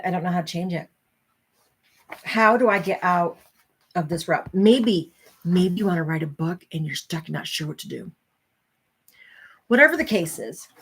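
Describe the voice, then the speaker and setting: A tired middle-aged woman hosting a late live stream about her self-help book, rambling and apologetic as she yawns. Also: medium pitch. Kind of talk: casual live-stream talk.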